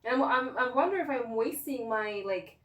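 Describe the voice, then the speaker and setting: A woman's voice: a little high, expressive, moderate pace, a bit bright. A young woman in a casual personal rant, talking in a rambling, emotional way with lots of filler words. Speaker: vlogger. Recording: echoey room, voice picked up from a distance.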